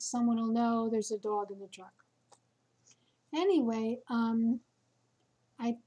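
Woman vlogger, unhurried chatty storytelling, somewhat high, soft mellow tone. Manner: slow, chatty storytelling with fillers. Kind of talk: casual chat to camera.

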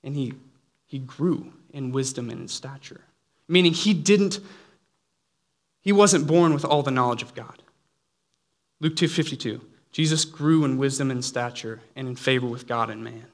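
A man's voice: medium pitch, moderate pace. A man preaching a sermon in an earnest, conversational way, slipping in playful asides.

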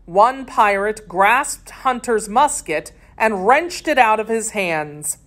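Woman, story narration, slow unhurried pace, medium pitch, expressive. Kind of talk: reading a children's story aloud.

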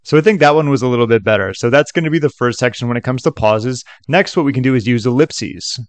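A man at a middling pitch, talking casually through a tutorial and filling his sentences with "like" and "okay". His voice sits close and dry on a desk mic, with no room sound. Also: fast, no room sound. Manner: loose and chatty, many fillers like "like" and "okay". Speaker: tutorial host. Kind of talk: casual screen-recorded tutorial.

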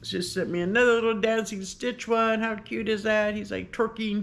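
A woman hosting a casual unboxing vlog, talking in a gushing, excitable way. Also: mid-range voice, normal speed, creaky. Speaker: vlogger host. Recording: paper crinkling and clicks behind.

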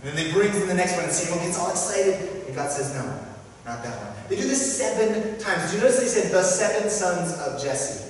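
A man's voice: high-pitched, lively intonation, slight background noise. Preaching man in an echoey church. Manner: emphatic preaching with repeated phrases and dramatic pauses. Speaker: pastor. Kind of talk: sermon. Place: church sanctuary. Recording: echoey church hall from far off.

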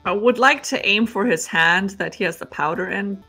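A woman's voice: mid-range voice, normal speed, pushed and bright, soft background music. A woman talking as a player in a tabletop game, planning eagerly. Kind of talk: casual tabletop play.

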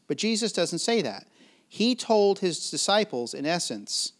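A man preaching with a fairly high voice, talking conversationally and often turning to his listeners with questions. He chuckles now and then while he unpacks the passage, and the tone stays easy and informal. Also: animated, moderate pace. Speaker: pastor. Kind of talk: sermon.

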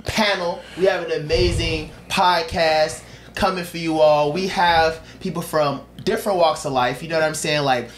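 A man's voice: fairly high pitch, fairly even intonation, normal speed, a little hiss or hum. A man hosting a podcast in casual chat, loose and slangy, talking with enthusiasm. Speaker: podcast host.

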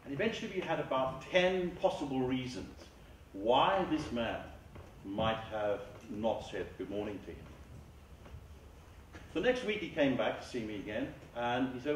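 A man speaking as a mindfulness therapist, giving a measured, earnest lecture and often repeating his words. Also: medium pitch, very animated, a little hiss or hum. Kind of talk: reflective public lecture. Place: large school hall. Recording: echoey hall, far from the mic, faint ambience.

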